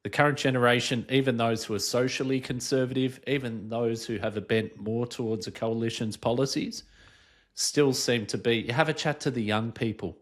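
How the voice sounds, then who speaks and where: A man's voice: medium pitch, fairly even intonation, fairly quick. A man co-hosting a podcast, giving his views in an earnest, emphatic way. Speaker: podcast co-host. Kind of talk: casual chat.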